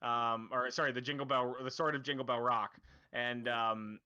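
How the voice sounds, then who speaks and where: A man's voice: mid-range voice, steady tone, moderate pace, dull audio. A man narrating as dungeon master of a tabletop game, rambling and correcting himself as he explains the rules. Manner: rambling, self-correcting, laughs often.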